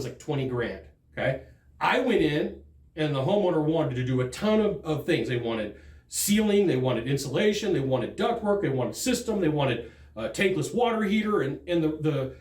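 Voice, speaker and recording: A man giving a sales training talk, telling stories from the field in an animated, emphatic way. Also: fairly high pitch, reverberant.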